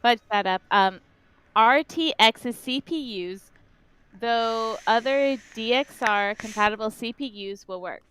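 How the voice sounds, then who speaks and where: Podcast co-host, woman, crisp bright tone, reads news loosely and fumbles words. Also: on the high side, a little slow, poor audio. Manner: stumbles and trips over words while reading. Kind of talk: casual chat, reading gaming news aloud.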